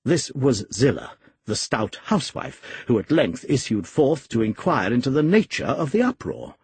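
A man reading a classic novel aloud, expressive and measured. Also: mid-range voice, creaky, slight background noise. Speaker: audiobook reader. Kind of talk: scripted novel narration.

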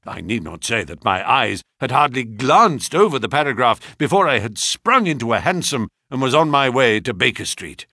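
An expressive man narrates a first-person story, and his pitch moves a lot as he reads. His voice is bright and edgy, with a husky grain. The recording is close and dry, with no room around it. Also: normal speed, hardly any pauses, dry recording. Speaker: audiobook narrator.

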